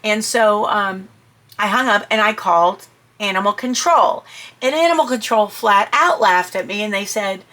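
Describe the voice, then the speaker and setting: A middle-aged woman telling a personal story in a chatty, animated way, with asides and fillers. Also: normal speed. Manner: animated, jumps high and shouts when quoting her own panic. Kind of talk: personal anecdote told to listeners.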